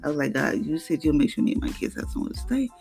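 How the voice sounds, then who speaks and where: Gravelly-voiced woman giving a tearful testimony. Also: deep voice, wildly swooping pitch, darkish tone, faint music behind. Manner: halting, with many restarts and repetitions; earnest, close to tears. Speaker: mother sharing a personal testimony. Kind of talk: emotional personal testimony.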